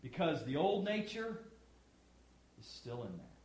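A man preaching a sermon in a folksy way, stretching out words and swinging between loud stresses and quiet asides. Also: on the high side, big pitch swings, unhurried, husky. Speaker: pastor.

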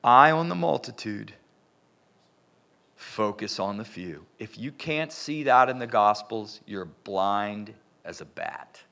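Bright-voiced man preaching with dramatic swings. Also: on the low side, expressive, slow, gravelly. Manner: dramatic swings from loud emphasis to whispers. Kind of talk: sermon. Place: church.

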